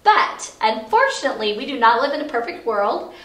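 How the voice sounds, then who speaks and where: A fairly high, sing-song voice, a little fast and fairly bright, belongs to a middle-aged woman giving a casual talk on essential oils. She explains things conversationally with plenty of fillers; the sound is distant and echoey, recorded in an office.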